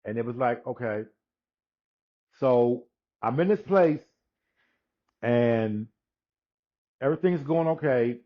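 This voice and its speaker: A man in his sixties telling his personal testimony in conversation, unhurried, acting out the dialogue he quotes, with frequent restarts. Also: medium pitch, animated. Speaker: guest sharing his testimony. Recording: dull lo-fi recording.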